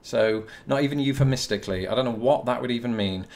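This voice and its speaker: A man's voice: mid-range voice, quick pace, a little mellow. Chatty young British man with dry jokes. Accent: British English. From Britain. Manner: chatty, rambling, dry self-mocking humour. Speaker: YouTube host answering viewer questions. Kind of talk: casual to-camera Q&A.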